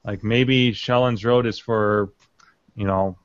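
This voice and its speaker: A man's voice: fairly low pitch, fairly even intonation, slow, smooth, dry recording, muffled recording. A man hosting a casual group chat over a video call, hesitant, with many restarts and trailing off. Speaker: podcast host.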